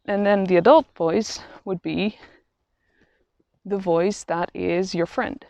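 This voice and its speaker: A woman talking through a reflective vlog while out on a quiet walk in nature, halting and thoughtful, often restarting her sentences. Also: medium pitch, fairly even intonation, no room sound. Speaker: vlogger. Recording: dull, slightly lo-fi sound.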